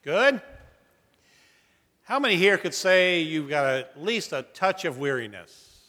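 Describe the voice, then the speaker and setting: Man, middle-aged, senior pastor, sermon, high bright voice, earnest, soft to emphatic, long hall reverb. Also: lively intonation, takes it slowly. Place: church sanctuary.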